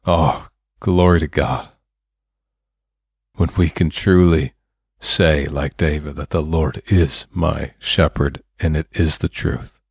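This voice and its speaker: A male preacher delivers a sermon in a low, deep voice, taking his time with long drawn-out pauses. He is fervent and builds to emphatic bursts. The sound is dry and close. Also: fairly even intonation, breathy edge, no room sound.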